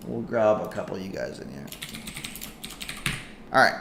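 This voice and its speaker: A man hosting a live stream in casual commentary, chatty and excitable as he reacts to a game. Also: fairly low pitch, normal speed, creaky. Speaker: livestream host. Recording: echoey room with faint noise.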